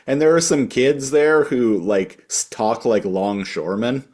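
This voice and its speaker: A man's voice: mid-range voice, unhurried, a little mellow. A man co-hosting a podcast in casual chat, talking loosely with lots of "like". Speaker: podcast co-host.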